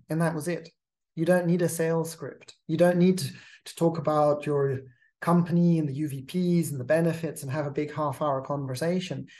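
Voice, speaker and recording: A host giving a measured, advisory talk on pitching, often repeating words as they restart a phrase. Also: a little mellow. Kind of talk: instructional monologue.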